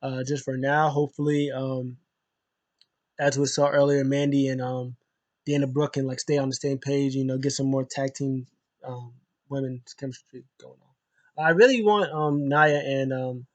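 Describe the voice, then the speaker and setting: A man's voice: mid-range voice, fairly even intonation, moderate pace, no echo. A young man giving a casual, rambling wrestling show recap with lots of slang and fillers.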